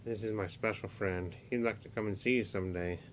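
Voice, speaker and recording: A man's voice: fairly low pitch, fairly even intonation, brisk, a little hiss or hum. A man doing a playful puppet skit for his young nephews, acting as the patient, mock-stern straight man to his puppet.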